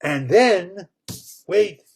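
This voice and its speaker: A man retelling a story with excitement, repeating words, laughing and tripping over tongue twisters. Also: sits high, extremely slow, gravelly, a little hiss or hum.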